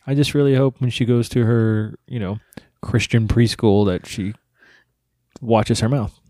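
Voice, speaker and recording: A man's voice: mid-range voice, steady tone, unhurried, warm tone, no room sound, studio quality. A man in his thirties chatting casually as a co-host, telling stories with laughter and casual swearing. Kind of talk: casual chat.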